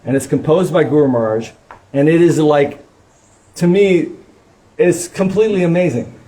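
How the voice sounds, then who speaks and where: A man's voice: fairly high pitch, normal speed, dark tone. A man teaching a devotional singing class, talking with enthusiasm and chanting out rhythms as he explains. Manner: enthusiastic, chants meter syllables aloud. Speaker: kirtan teacher. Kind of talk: casual class discussion.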